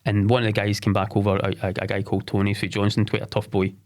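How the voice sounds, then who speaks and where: Halting man in his forties. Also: lowish voice, completely flat delivery, a little mellow. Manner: halting, repeats words and restarts often. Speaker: podcast guest. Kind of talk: candid personal storytelling.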